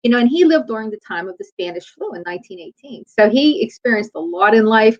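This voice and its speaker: A middle-aged woman speaking in a relaxed, conversational way. She gives a faith-based motivational talk, and her pitch rises and falls a lot. The recording sounds dull and lo-fi. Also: quick pace. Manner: conversational storytelling. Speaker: chiropractor.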